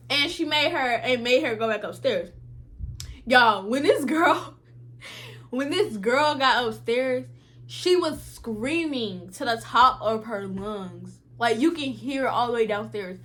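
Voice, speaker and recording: Lively high-voiced woman telling a story. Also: takes it slowly, long pauses. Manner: animated, slangy, acts out quotes. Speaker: vlogger. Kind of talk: casual storytime.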